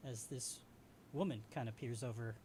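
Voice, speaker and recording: A man's voice: mid-range voice, moderate pace, warm tone, slight background noise. A man narrating as game master in a tabletop game, casual with many fillers. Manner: casual, frequent filler "uh" and "kinda".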